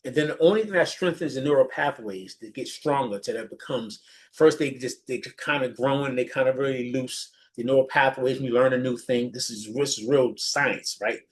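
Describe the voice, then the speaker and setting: A man giving a motivational teaching talk as a leadership mentor, animated and often restarting his phrases. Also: moderate pace, husky. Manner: animated, restarts phrases often, jumps high when imitating others.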